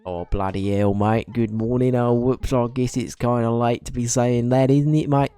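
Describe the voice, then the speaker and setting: A man's voice: medium pitch, fairly even intonation, moderate pace, mellow, clean tone, faint music behind, close to an everyday voice. A man streaming games, putting on a boisterous, slangy Australian accent as a celebrity impression and calling everyone mate. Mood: hearty. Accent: put-on Australian. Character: loud over-the-top Australian bloke, a celebrity impression.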